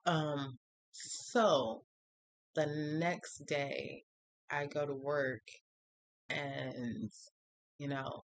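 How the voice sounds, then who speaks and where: A woman vlogger talking candidly about her own dating life in a rambling monologue with many fillers, her voice jumping higher whenever she quotes someone. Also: steady tone, extremely slow, long pauses. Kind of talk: personal storytime monologue.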